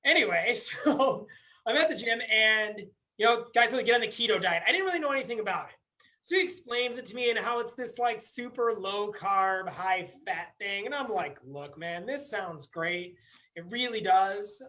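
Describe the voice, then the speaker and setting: Bright-voiced young male stand-up comic. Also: very high voice, lively intonation, fairly quick, rough recording. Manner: conversational, acts out voices with a tough-guy swagger. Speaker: stand-up comedian. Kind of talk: stand-up comedy set. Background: audience laughter.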